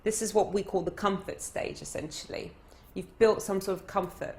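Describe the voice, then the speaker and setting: A woman teaching as a dating coach, her voice at a middle pitch. She tells anecdotes in a lively, chatty way and speaks straight to her listeners. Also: moderate pace, gravelly, a little hiss or hum. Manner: animated anecdotal storyteller, conversational. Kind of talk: storytelling lesson.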